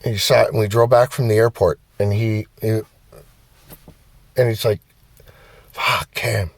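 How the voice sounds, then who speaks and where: A man's voice: on the low side, normal speed, no room sound. A man giving a blunt, profane motivational rant as a vlogger. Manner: blunt, heavy swearing, animated. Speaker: vlogger and driver.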